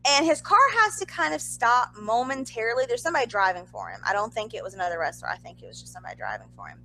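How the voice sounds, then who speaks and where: A young woman chatting on a podcast as co-host, her voice high and bright. She tells a story with big swings in pitch and throws in exasperated asides. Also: very animated, fast, a little hiss or hum, rough recording. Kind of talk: casual podcast chat.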